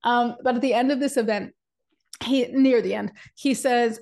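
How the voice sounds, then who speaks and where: A woman with a somewhat high voice presents a business webinar as a coach. She tells her story in an animated, chatty way, scattering "like" through it and acting out quotes. She keeps turning to address her audience directly. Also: moderate pace, creaky.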